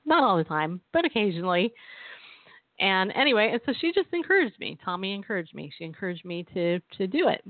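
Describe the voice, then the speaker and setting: A woman's voice: medium pitch, sing-song, brisk, no room sound. A woman radio co-host telling a personal story and encouraging listeners, chatty and given to laughing and acting out quotes. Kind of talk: testimony and exhortation. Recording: tinny phone-line sound.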